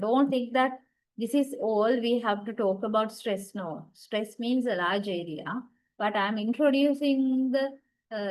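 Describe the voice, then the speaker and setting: A woman's voice: on the high side, a little mellow, poor audio. A woman lecturer with a Sri Lankan English accent, giving a recorded linguistics lecture and often checking in with "okay" and "right". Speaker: university lecturer.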